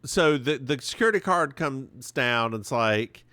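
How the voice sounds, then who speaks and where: A man's voice: mid-range voice, normal speed, few pauses, fairly bright tone, dry recording. A man co-hosting a podcast, chatting casually with sassy, campy banter while recapping an episode. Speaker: podcast co-host.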